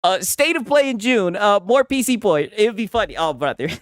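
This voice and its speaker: A man reacting to posts on a casual stream, animated and laughing, with "right?" after many lines. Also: sits high, a little fast, no room sound, studio quality.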